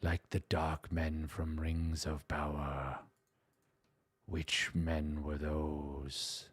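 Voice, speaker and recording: A man doing a deep, breathy, brooding German elder. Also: completely flat delivery, extremely slow, no room sound, full character voice. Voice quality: breathy, half-whispered. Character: solemn older German man, whispery and brooding.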